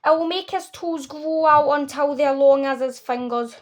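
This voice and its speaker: A woman voicing an eccentric male chocolate maker who talks briskly and waves away worries. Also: sits high, close to an everyday voice. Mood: breezy. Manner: brisk, cheerfully dismissive.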